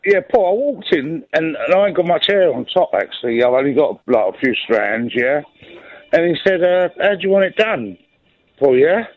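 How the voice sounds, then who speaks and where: Brief: male regular caller, slightly high, muffled lo-fi line, rambling jokey tale. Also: big pitch swings, normal speed, no echo. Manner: rambling, keeps checking the listener is there. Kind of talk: comic phone-in anecdote. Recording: dull lo-fi phone line.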